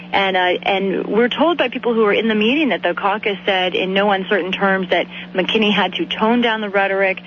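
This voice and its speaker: A woman reporter lays out the news in a measured, explanatory way. The radio audio is dull and lo-fi, with a faint hum underneath. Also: medium pitch. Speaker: congressional reporter.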